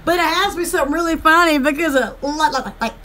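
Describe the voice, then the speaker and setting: A woman's voice: high voice, fast, a bit bright. A woman chatting in a rambling, goofy live stream at home, giggling often. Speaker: vlogger.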